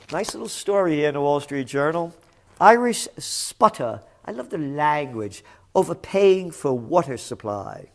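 A man giving sarcastic, indignant commentary on news stories, swinging from mocking mutters to outraged shouts. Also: high voice, vocal fry.

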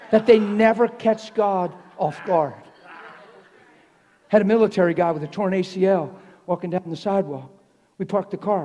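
A man preaching in a church, his voice sitting high for a man. He tells stories with animated swings from hushed, near-whispered lines to loud, laughing shouts. The live sanctuary gives his voice a long, ringing reverb. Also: moderate pace. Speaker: traveling preacher. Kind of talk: sermon with storytelling.

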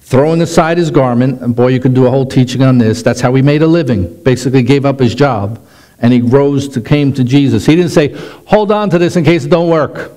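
A middle-aged man, a pastor, preaching a sermon with animated delivery that slows down for emphasis. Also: mid-range voice, poor audio.

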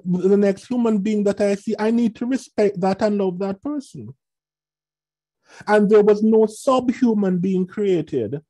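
A man's voice: sits high, mellow. A man with a Jamaican accent, a minister speaking earnestly and reflectively, often repeating words as he searches for them.

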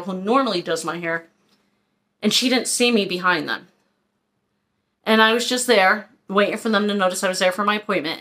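A woman's voice: mid-range voice, bright, forceful tone. A woman tells a long story in a casual vlog. She vents and rambles, with asides, and acts out what people said. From Philadelphia, USA. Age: 50s. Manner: chatty, venting, acts out quotes. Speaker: haul vlogger.

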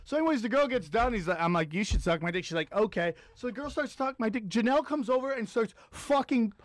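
High-voiced man telling a wild story. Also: fast, no echo, studio quality. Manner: animated, shouts and acts out quotes. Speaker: podcast co-host. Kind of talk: casual chat, crude storytelling. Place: studio.

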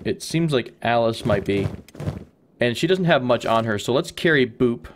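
A man's voice: medium pitch, lively intonation, normal speed, slight background noise. Chatty man narrating his gameplay. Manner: chatty, rambling, thinking aloud with fillers and asides. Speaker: let's play host. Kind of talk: casual gameplay commentary.

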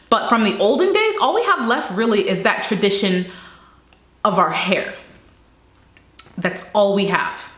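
A woman's voice: medium pitch, fairly bright tone. Young woman ranting passionately on her channel, hammers points home w/ repeats, roomy echo. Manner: emphatic, repeats phrases for weight, rhetorical questions. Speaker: commentary channel host. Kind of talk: impassioned personal commentary. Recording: echoey room.

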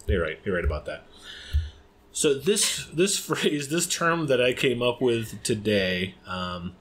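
An American man co-hosting a casual podcast chat, playful and rambling, quick to laugh. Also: medium pitch, big pitch swings, a bit bright. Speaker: podcast co-host.

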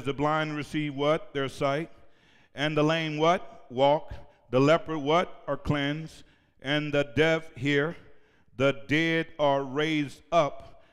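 A man's voice: mid-range voice, clear, resonant tone. Preaching man in a reverberant church. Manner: shouting, call-and-response preaching. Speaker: pastor. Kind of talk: sermon. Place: church sanctuary.

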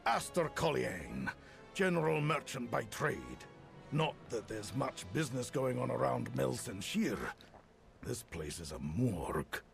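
Game merchant, male, greedy and sardonic, gravelly lively delivery, music under it. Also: mid-range voice, unhurried. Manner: dry, mocking, self-serving.

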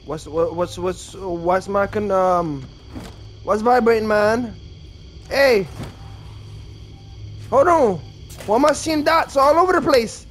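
A man's voice: high voice, takes it slowly, long pauses, faint music behind. A man giving casual gameplay commentary, apologetic and rambling, with a lot of slang and self-mockery. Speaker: gaming video creator.

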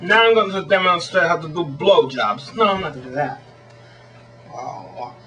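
A man doing a crude, deadpan comedy monologue in a rambling way. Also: on the high side, normal speed, recorded from a distance, highs cut off. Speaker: amateur comedy video maker.

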